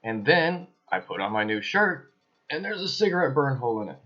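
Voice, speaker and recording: A man's voice: mid-range voice, sing-song, brisk, highs cut off. A man talking to camera in his apartment, in a casual, emphatic and accusatory monologue with suspicious asides. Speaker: video blogger.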